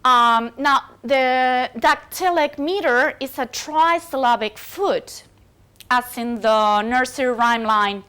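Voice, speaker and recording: A woman's voice: high-pitched, slow pace, sharp tone, smooth. A woman whose first language is Spanish, giving a recorded university lecture with many fillers and self-corrections.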